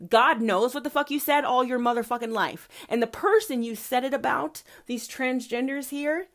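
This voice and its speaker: A woman's voice: sits high, normal speed, a bit bright. Fiery foul-mouthed woman ranting. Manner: profane, fiery preachy ranting. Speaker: podcast host. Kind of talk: impassioned monologue.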